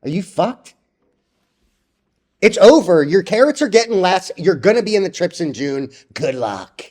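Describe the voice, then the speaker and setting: A young man ranting bluntly about stock trades, profane and rambling, with a slightly high voice. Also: sing-song, unhurried, darkish tone. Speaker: stock trading vlogger. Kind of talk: casual ranting commentary.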